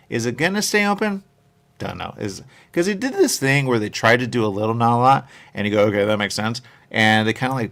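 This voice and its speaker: Low gravelly guy rambling on a live show, keeps saying "there you go". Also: fairly bright tone. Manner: rambling, repeats "there you go", reads chat comments aloud. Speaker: radio show host.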